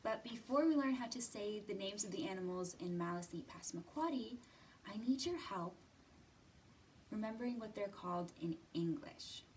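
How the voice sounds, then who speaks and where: A young woman leading a children's library storytime, gently coaxing little listeners with sing-song questions and sometimes dropping to a whisper. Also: medium pitch, lively intonation, normal speed, recorded from a distance, a little hiss or hum. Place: library room.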